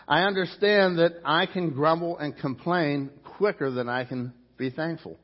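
A man's voice: fairly high pitch, husky, dull audio. A middle-aged male pastor preaching a conversational sermon, full of rhetorical questions and restarts.

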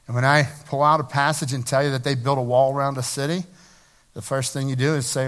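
A middle-aged man preaching a sermon, talking in a conversational way and slowing down to stress scripture lines. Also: mid-range voice, fairly even intonation, fairly bright tone. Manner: conversational preaching, rising to emphatic slowed scripture reading. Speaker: pastor.

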